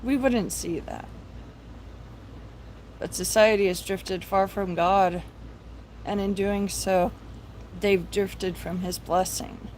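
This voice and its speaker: Slow, earnest preaching woman. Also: mid-range voice, fairly even intonation, darkish tone, slight background noise, low-quality recording. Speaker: live-stream host. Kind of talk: impassioned religious vlog talk.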